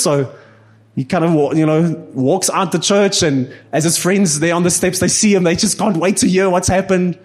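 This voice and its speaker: A man's voice: high-pitched, brisk. A man preaching a sermon, telling a story earnestly and addressing his listeners as guys.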